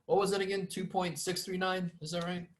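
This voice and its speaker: With a high-pitched, fairly flat voice and a fairly quick pace, a math instructor teaches statistics in a casual online lecture over a video call mic, with slight background noise. He's informal and self-deprecating, muttering asides and mild curses.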